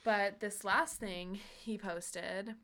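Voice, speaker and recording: A woman's voice: medium pitch, steady tone, drawn-out words, a bit bright. A young woman co-hosting a podcast, chatting casually and telling a story full of fillers. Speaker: podcast co-host. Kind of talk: casual chat.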